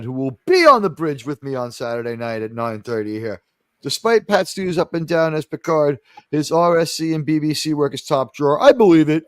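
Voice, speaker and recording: A man's voice: on the high side, clear, resonant tone, no room sound, clean studio sound. A man hosting a casual streamed panel talk show, rambling and joking with frequent laughs. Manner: rambling, jokey, laughs often.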